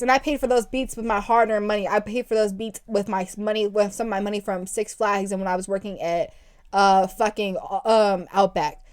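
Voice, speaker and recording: A young woman co-hosting a podcast, telling a story in casual chat with animated, profane ranting. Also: medium pitch, smooth. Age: young adult. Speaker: podcast co-host.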